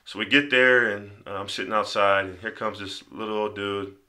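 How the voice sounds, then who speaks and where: Bright-voiced man telling stories. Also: on the low side, normal speed. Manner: animated, acts out quoted voices, says "man" often. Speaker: podcast guest. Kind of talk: casual storytelling conversation.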